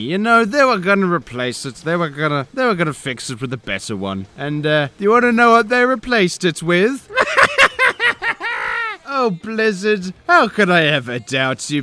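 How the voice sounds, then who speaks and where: A young man doing sarcastic, profane comedic commentary, jumping between mock-grand shouts and low mutters. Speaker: video commentator.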